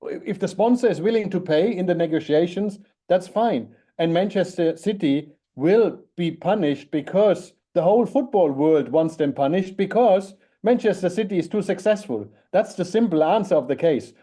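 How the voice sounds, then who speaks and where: A man's voice: high-pitched, lively intonation, moderate pace, few pauses, mellow. A man giving blunt, dismissive opinions as a guest on a football talk show. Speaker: guest pundit. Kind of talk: football commentary.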